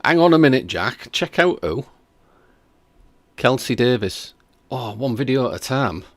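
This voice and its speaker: A man's voice: medium pitch, sing-song, measured pace, dry recording. A man hosting a reaction stream, chatting casually and skeptically while reading out viewer comments. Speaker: reaction video host.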